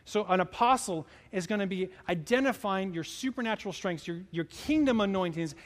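Animated high-voiced man preaching in a hall. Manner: conversational, animated storytelling with quoted voices. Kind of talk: sermon. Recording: long hall reverb.

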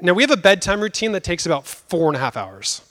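A young man with a high-pitched voice delivers a sermon. He talks conversationally, then leans hard on key words and lets pauses hang for effect. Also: very animated, bright, forceful tone. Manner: conversational, emphatic preaching with dramatic pauses. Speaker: preacher.

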